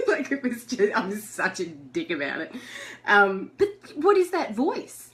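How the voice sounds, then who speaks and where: A woman's voice: mid-range voice, huge pitch swings, unhurried, a bit bright. A middle-aged woman hosting a live video chat. She talks chattily, reads out viewer messages, and laughs often. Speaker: host.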